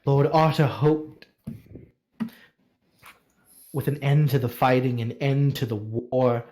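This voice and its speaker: A man plays a weary, devoted maester who speaks quietly. He sounds worn down and sad in this tabletop role-play. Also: medium pitch, fairly even intonation, slow pace, lightly acted. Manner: quiet and tired.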